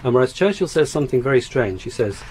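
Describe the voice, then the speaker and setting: A man's voice: medium pitch, big pitch swings, fast, a little mellow, slight background noise. A man, a phonetics expert, explaining in an interview, hesitant with restarts and easy laughs.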